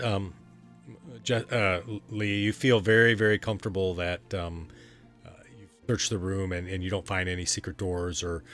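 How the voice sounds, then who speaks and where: Low-voiced game master, halting. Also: male voice, a bit bright. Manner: halting, full of fillers and restarts. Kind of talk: narrating a tabletop game.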